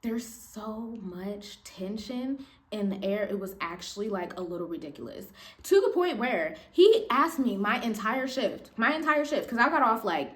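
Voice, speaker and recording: A young woman telling a story from her life in casual chat, animated and playful, jumping up in pitch for emphasis. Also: normal speed.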